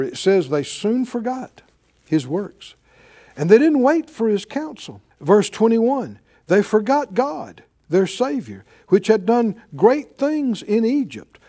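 A man's voice: high-pitched, dark tone. A man preaching a sermon in an emphatic, pleading way, repeating phrases for weight. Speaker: pastor.

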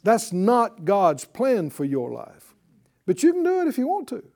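A man's voice: sits high, wildly swooping pitch, unhurried, creaky, darkish tone. A middle-aged man preaching a sermon to a congregation, drawing out emphatic phrases and calling for responses. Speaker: pastor.

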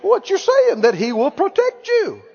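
A man preaches a sermon in a high, animated voice. He takes his time and rises to shouts as he leads call-and-response. The recording is dull and rings with a long hall reverb. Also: measured pace, vocal fry. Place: church.

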